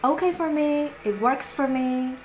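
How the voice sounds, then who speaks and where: Taiwanese woman teaching with slow, roomy delivery. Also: high voice, faint music behind. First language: Mandarin. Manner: repeats sample phrases with playful exaggerated intonation. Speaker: language teacher. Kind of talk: language lesson. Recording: roomy echo.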